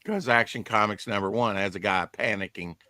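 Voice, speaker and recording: A man hosts a casual podcast about comic art, chatting in a rambling way. His voice is bright and forceful, and the sound is dry and close. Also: lowish voice, fairly quick, no room sound. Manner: chatty, rambling, reads promos aloud. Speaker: podcast host.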